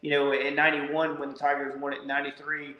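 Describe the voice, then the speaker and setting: A middle-aged man, a former college pitcher telling lively stories as a podcast guest and acting out quotes. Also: fast, dull audio. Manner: animated storyteller, acts out quotes. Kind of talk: casual storytelling. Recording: echoey room.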